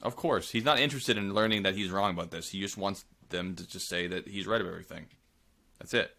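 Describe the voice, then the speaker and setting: A man's voice: sits low, quick pace, vocal fry, sharp tone. A man co-hosting a casual podcast chat, joking and riffing. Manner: joking, mimics others with a put-on drawl. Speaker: podcast co-host.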